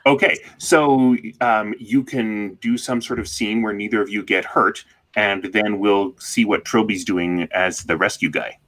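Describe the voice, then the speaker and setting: A man running a tabletop game as game master, relaxed and a little hesitant. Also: on the low side, measured pace, hardly any pauses.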